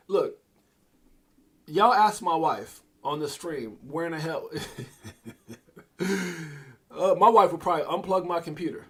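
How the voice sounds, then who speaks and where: Middle-aged guy livestreaming at his desk, kinda high voice, rambles then gets loud and hyped. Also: measured pace, gravelly, pauses often. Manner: rambling, swings to loud excited bursts. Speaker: crypto livestream host. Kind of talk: casual livestream chat.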